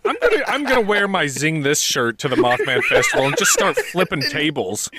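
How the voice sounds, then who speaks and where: Joking lively podcast man over loud noise. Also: fairly high pitch, a little fast. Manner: joking, laughing, playful exaggeration. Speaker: podcast co-host. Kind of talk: casual chat.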